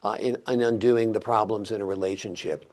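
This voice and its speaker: A man's voice: on the low side, fairly even intonation, brisk, a little mellow. A man hosting an interview, asking questions in a conversational, somewhat hesitant way. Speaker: interview host.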